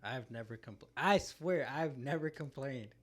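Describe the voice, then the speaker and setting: A man's voice: mid-range voice, a little slow, a bit bright. Young male co-host, laid-back and rambling, casual profanity, filler-heavy chat.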